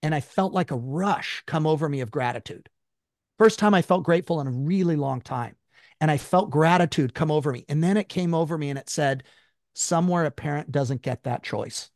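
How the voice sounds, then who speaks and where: A man, a guest in an interview, telling a personal story in an emphatic, high-strung way and swearing freely. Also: a little fast, dry recording, clean studio sound.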